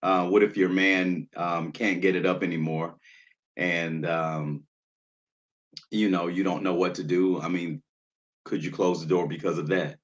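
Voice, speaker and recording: Deep-voiced guy hosting a laid back live chat, lots of ums, says hi to viewers by name. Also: a little slow, dull audio. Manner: relaxed, greets chat viewers by name, many fillers. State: nervous, jittery. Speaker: livestream host.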